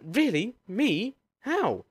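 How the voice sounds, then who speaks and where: A man's voice: sits high, big pitch swings, very slow, husky, pitched above the performer's own voice, full character voice. Man putting on a prim zombie woman. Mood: eager. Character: fussy dead woman baker turned zombie.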